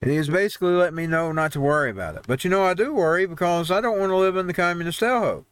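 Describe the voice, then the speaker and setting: A man's voice: high-pitched, rapid-fire, a bit bright, smooth. A man hosting a home-made show, ranting over news headlines in a heated, rambling way with frequent restarts. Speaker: host. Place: home newsroom studio.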